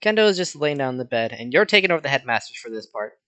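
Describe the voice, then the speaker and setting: A narrator of a fan roleplay reading cracks casual, joking asides. The voice rises and falls in a lively way. The pitch sits in the middle. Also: rapid-fire.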